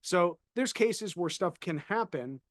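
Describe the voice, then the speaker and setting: A man's voice: sits high, lively intonation, slow, no echo, studio quality. A man co-hosting a casual podcast, chatting easily and reading out viewer questions. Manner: conversational, reads out viewer questions. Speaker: co-host, paranormal consultant.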